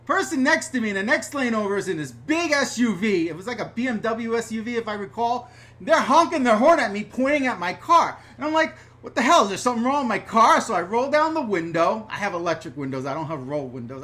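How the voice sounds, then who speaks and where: Male channel host from the NY/NJ area, bright and forceful tone, excitable and rambling, reads viewer comments on a casual home live stream. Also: very high-pitched. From New York / New Jersey area. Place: upstairs room at home.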